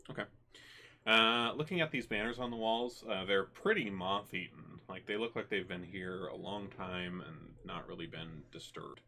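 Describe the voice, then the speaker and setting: A man narrating a tabletop game as game master, relaxed and full of fillers. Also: low-pitched, normal speed, creaky. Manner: relaxed, many fillers and restarts.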